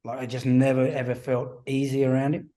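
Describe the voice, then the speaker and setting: A man's voice: mid-range voice, little pitch movement, brisk, mellow. A man in his forties, a former rugby player guesting on a casual podcast interview, telling anecdotes and acting out the voices of people he quotes. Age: 40s.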